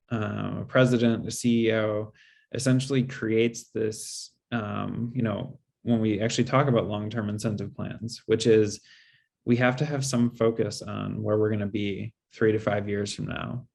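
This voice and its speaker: A man speaker answering audience questions in a webinar, measured and explanatory, with frequent fillers. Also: lowish voice, creaky, darkish tone. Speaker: guest speaker.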